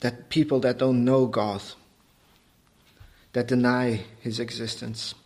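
A man preaching a sermon, emphatic and repetitive, asking the congregation rhetorical questions and building to forceful peaks. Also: mid-range voice, flat delivery, slow. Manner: emphatic, rising to forceful peaks, repeats phrases.

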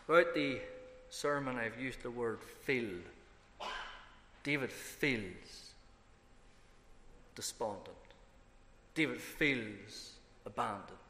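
A man's voice: mid-range voice, takes it slowly, pauses often, bright, forceful tone, a little hiss or hum. A man preaching a sermon as pastor, emphatic and building through repeated phrases. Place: church sanctuary. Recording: echoey hall reverb.

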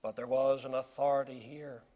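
A man preaching a sermon in old-fashioned scriptural phrasing, who swings from loud, emphatic lines to hushed, near-whispered ones and repeats phrases for emphasis. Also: mid-range voice, little pitch movement, moderate pace.

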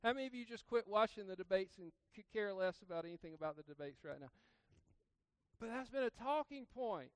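A man preaching a sermon, asking the congregation questions and breaking into loud, emphatic bursts. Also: sits high, expressive, fairly quick, smooth, no room sound. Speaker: pastor.

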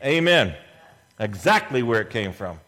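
A man preaching a sermon as pastor in a church, animated, acting out scripture scenes in voices. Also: mid-range voice, measured pace, long reverb tail.

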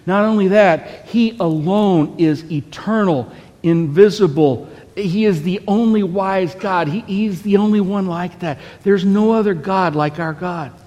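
Man preaching, pastor telling a story, checks in with "okay?", slightly high voice, long reverb of a church hall. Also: unhurried, darkish tone, lo-fi sound. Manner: storytelling with frequent "okay?" asides. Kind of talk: sermon.

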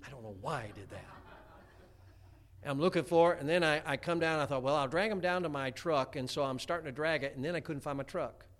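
A man's voice: on the high side, fast talker, a bit bright. A middle-aged man preaching a homespun sermon, chatty, with many stammered restarts. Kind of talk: folksy sermon.

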